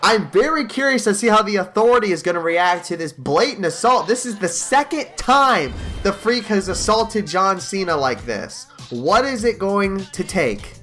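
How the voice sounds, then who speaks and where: A man giving mock play-by-play wrestling commentary over gameplay, excitable like a hype announcer. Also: sits high, moderate pace, hardly any pauses, faint music behind.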